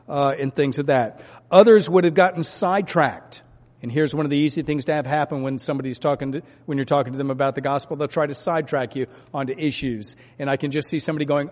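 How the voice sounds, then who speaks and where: A man preaching a sermon from the pulpit, swinging between loud urging and quiet earnest asides. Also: medium pitch, fairly quick. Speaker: pastor. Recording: long hall reverb.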